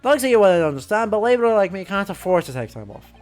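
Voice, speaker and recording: Streamer playing a laborer juror, loud, gruff, impatient, lively pitch, faint music. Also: fast talker, natural voice. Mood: aggrieved. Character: blunt working-class male laborer juror, impatient.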